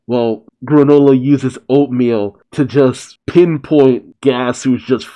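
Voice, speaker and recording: A man talks through a manga chapter in a relaxed, unhurried way, his voice mellow and dark. He gets excited, laughs often, swears and acts out the characters' lines as he recaps. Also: medium pitch. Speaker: manga reaction host. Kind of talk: casual manga reaction recap.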